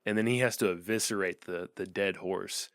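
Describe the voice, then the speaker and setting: A man's voice: sits low, steady tone, normal speed, fairly bright tone, dry recording, studio quality. A man co-hosting a movie podcast, chatting in a laid-back way and retelling scenes from the film. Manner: laid-back, laughs often, chimes in. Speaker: podcast co-host. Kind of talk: casual movie recap chat.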